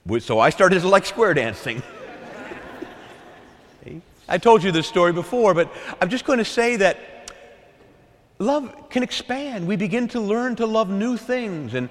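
Animated preacher man in a reverberant church. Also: high voice, measured pace, pauses often. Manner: animated preaching, repeats key phrases, asks listeners for agreement. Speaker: priest. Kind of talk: sermon.

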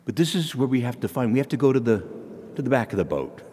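A man's voice: medium pitch, expressive, quick pace, mellow, breathy edge, big-room sound. A male priest giving a sermon in a folksy storytelling manner, with homely asides.

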